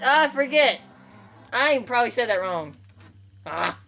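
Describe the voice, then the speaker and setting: A young woman giving casual gameplay commentary on her channel, excitable and trash-talking the opponents. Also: fairly high pitch, unhurried, gravelly. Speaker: gaming channel host.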